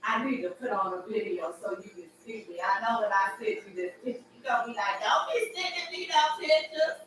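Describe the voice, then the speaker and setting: A woman chatting on a casual livestream, animated and teasing, jumping between loud outbursts and low murmurs. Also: fast, a little hiss or hum. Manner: flirtatious, teasing. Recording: echoey room, far from the mic.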